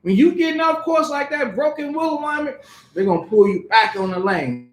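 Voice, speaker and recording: A man with a very high voice preaches in a loose, street-casual way, slipping into quick acted voices to make his point. His voice rings out across an echoey church hall. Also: sing-song, a little hiss or hum. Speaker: pastor. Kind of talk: sermon with acted examples.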